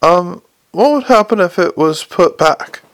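A man doing a high quavering nervous young bank worker. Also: animated, unhurried, no room sound. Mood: fretful.

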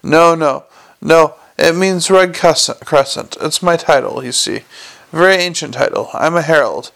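A man's voice: on the high side, unhurried, vocal fry, fairly bright tone. A man voicing a fussy, cheerful little old male herald who twitters eagerly.

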